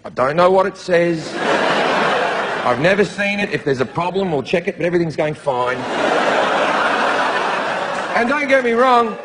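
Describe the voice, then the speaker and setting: A man's voice: high voice, big pitch swings, moderate pace, long pauses, long reverb tail. A man from Australia with an Australian accent, doing a brash, profane, mocking stand-up comedy routine in a theatre. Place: theatre with live audience. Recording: live show, loud crowd noise.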